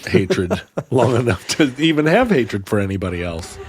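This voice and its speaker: A man co-hosting a podcast, animated and joking, often laughing as he talks. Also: fairly low pitch, moderate pace, slight background noise. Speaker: podcast co-host. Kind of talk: casual chat and scripted intro.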